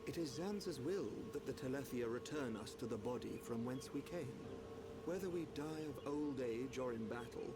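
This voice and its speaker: A man voicing a composed young seer from a game cutscene, speaking in an even, formal, measured way at a mid-range pitch. Loud noise sits under the game audio. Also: lightly acted.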